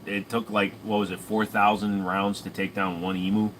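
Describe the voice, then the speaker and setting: A man's voice: lowish voice, level tone, moderate pace, fairly bright tone, slight background noise. Profane, joking young man chatting. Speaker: streamer answering chat. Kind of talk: casual live chat.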